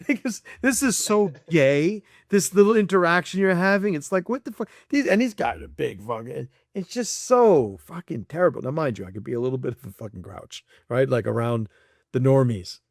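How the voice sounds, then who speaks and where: A man talks freely as a podcast guest, blunt and laced with profanity. He stays animated, laughs between points and slips into voices for the people he describes. His voice sits a little high and is recorded dry and close. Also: normal speed, vocal fry, no echo. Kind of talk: casual chat.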